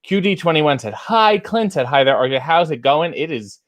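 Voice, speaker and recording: A man's voice: on the high side, animated, fairly quick. A man hosting a casual late-night livestream show, chatty, playful and theatrical. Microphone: webcam setup.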